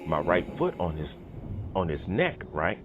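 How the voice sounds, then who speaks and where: A man with a very deep voice recounts a story in loose, casual talk, full of fillers and punchy spoken sound effects. He is heard through a thin, phone-like line, with clear music playing behind him. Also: big pitch swings, measured pace. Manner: rambling storytelling with many fillers and emphatic "boom" sound effects. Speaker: channel host telling a personal story.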